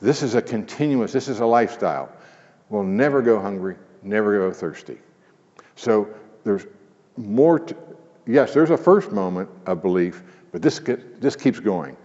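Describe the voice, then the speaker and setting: A man preaches with a low voice in an earnest, conversational way, often dropping to a near hush to press a point. The sound is muffled and carries a long reverb, as if recorded in a large hall. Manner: earnest, conversational preaching with sudden hushed emphasis. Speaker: pastor. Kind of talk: sermon.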